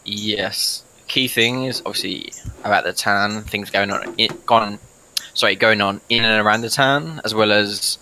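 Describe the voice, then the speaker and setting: A man's voice: fairly low pitch, measured pace, pushed and bright, slight background noise, rough recording. A man chatting casually as a player in a tabletop game, with loose phrasing full of fillers.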